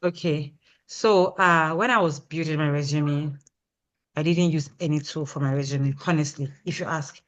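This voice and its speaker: Emphatic woman guest, lower voice. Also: normal speed, lo-fi sound. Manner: emphatic, repeats "you understand?". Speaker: guest, product consultant. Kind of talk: casual interview answer.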